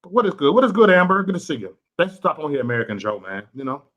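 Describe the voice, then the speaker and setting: A Chicago man with a fairly high, bright, sing-song voice races through a blunt, profane rant on his vlog livestream. As host, he addresses his chat viewers in a preachy, repetitive way.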